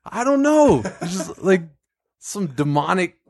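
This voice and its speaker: A man's voice: high-pitched, sing-song, a little slow, darkish tone. A man hosting a casual comedy chat, laughing often and riffing into goofy voices.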